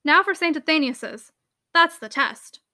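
A woman reads a sarcastic elderly rector who barks orders in a rasping voice. He is blunt and impatient. She keeps her own high, bright voice for him. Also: animated, normal speed, full character voice. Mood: brusque. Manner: gruff, commanding.

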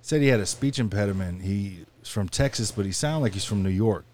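A man's voice: on the low side, a little fast, darkish tone, slight background noise. A man chatting casually with friends, telling stories, laughing a lot and swearing freely. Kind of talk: casual chat among friends.

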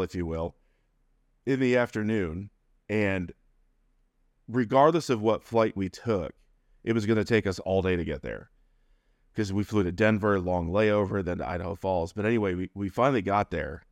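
A man's voice: lowish voice, dry recording, clean studio sound. A middle-aged man telling a personal story in a conversational, humorous way, laughing between phrases. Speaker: interview guest.

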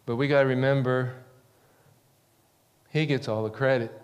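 A middle-aged man preaching a sermon, telling stories in an animated way and acting out loud quoted yells. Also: moderate pace, in a large hall, dull audio. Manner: animated, acts out quotes with sudden high yells. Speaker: pastor. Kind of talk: sermon storytelling.

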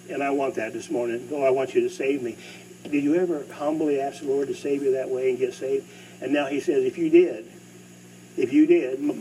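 A middle-aged man preaching a sermon as pastor, swinging between loud bursts and hushed asides. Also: medium pitch. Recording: distant mic with faint hum.

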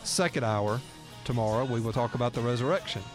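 A man hosts a radio talk show, explaining and reading scripture in an earnest, steady voice of middle pitch. Faint music plays softly underneath him. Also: brisk. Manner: earnest, reads scripture aloud.

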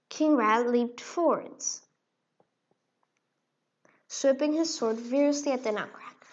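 A woman narrating a children's storybook in an expressive read-aloud way. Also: sits high, slow, long pauses. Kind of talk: storybook reading. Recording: dull lo-fi recording.

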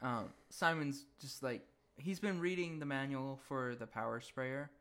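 A man co-hosting a podcast, recapping an episode in a soft-spoken, low-key way. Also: a little slow. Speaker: podcast co-host.

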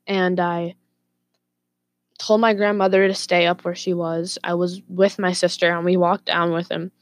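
Low-voiced profane woman vlogger. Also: moderate pace, no echo. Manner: profane, animated, laughing asides. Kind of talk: casual storytelling to camera.

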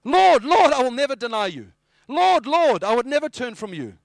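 A man voicing the apostle Peter as a frantic, pleading grown man who repeats himself in high cries. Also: fairly even intonation, a little fast, no room sound, studio quality, close to an everyday voice.

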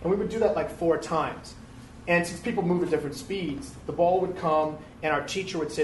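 A man in his thirties from Detroit, a comedic actor answering questions in a live interview. He tells stories animatedly, restarting sentences and laughing along the way. His voice sits a bit high for a man and rings in a roomy space with faint background noise. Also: brisk. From Detroit, USA. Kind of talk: candid conversational interview. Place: live interview before an audience. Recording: echoey room, faint ambient noise.

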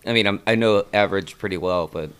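A young man with a fairly low voice co-hosting a podcast. He talks casually and lets his sentences trail, with plenty of fillers along the way. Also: quick pace, clean tone. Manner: laid-back, trailing, filler-heavy. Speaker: podcast co-host. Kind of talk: casual chat.

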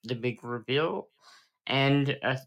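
A man's voice: mid-range voice, slow pace, fairly bright tone, poor audio. A man co-hosting a film podcast, chatting casually and agreeably, laughing often. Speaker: podcast co-host.

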